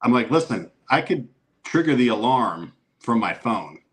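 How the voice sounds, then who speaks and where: A man's voice: medium pitch, normal speed. A middle-aged man, a guest on a casual podcast, telling a long story with swearing and acted-out quotes. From Youngstown area, Ohio, USA. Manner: animated storyteller who swears and acts out quotes.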